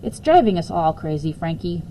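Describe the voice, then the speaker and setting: A quiet ten-year-old storybook boy, polite and patient, speaking gently with a voice that lifts at the end, as a woman reads him aloud. He sounds a touch higher than a grown-up narrator. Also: sing-song, moderate pace, slight background noise, rough recording. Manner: gentle, rising questioning tone.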